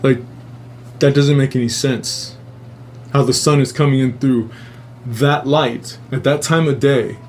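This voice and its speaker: A man hosting a live show, telling a dream story in a profane, rambling, animated way. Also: medium pitch, measured pace, long pauses, slight background noise. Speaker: host. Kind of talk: casual storytelling.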